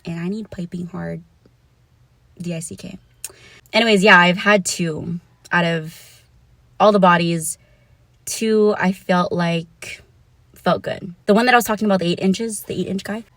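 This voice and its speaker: A woman's voice: lowish voice, steady tone, measured pace, long pauses, fairly bright tone, no echo. A young woman vlogging a frank, casual monologue, giggling and swearing with self-conscious asides.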